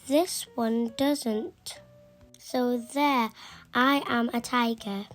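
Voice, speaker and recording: A boastful little storybook mouse who swears he is a tiger, as a woman reads him out. The voice sits high and is drawn out slowly, stubborn and playful. Soft music plays faintly behind. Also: fairly even intonation. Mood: stubborn boasting. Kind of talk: storybook read-aloud.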